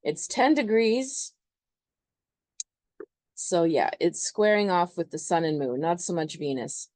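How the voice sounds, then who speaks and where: A woman's voice: on the low side, takes it slowly, a little mellow, no echo. A woman astrologer talking through a chart in a chatty, loose way, full of fillers. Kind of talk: casual astrology explanation.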